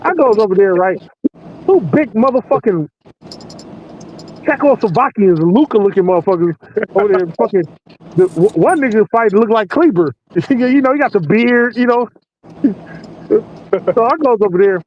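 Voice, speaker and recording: High-voiced man telling loud profane stories. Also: moderate pace, long pauses. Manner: animated, profane, laughing storyteller. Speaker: podcast host working night security patrol. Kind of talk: casual storytelling chat. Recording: muffled lo-fi with faint hiss.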